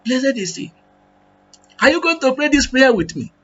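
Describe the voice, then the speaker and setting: Man, preacher, very high voice, fervent repetitive sermon, muffled lo-fi audio. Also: big pitch swings, normal speed, long pauses, a bit bright. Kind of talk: sermon with led prayer.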